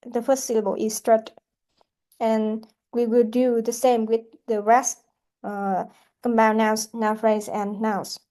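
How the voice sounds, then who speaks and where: A woman English teacher going through an answer key in a halting way, with frequent restarts. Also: a little high, flat delivery, dark tone. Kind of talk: classroom answer-key walkthrough.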